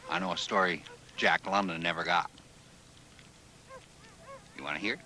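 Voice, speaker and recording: An actor playing an eager, folksy gold-rush prospector who buttonholes a writer in a filmed drama. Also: male voice, low-pitched, normal speed, sharp tone, a little hiss or hum. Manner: folksy, colloquial. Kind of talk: film drama acting.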